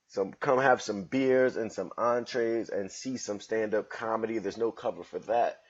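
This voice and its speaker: A man's voice: lowish voice, fairly even intonation, normal speed, hardly any pauses, highs cut off. A man hosting his own comedy podcast at home, joking around in loose slangy street talk. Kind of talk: casual solo podcast monologue.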